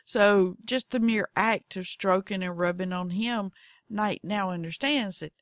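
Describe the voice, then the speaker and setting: Slow, gravelly Southern woman. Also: medium pitch, no room sound, clean studio sound. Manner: goofy, folksy, acts out her cats in voices. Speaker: podcast host. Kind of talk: casual storytelling monologue.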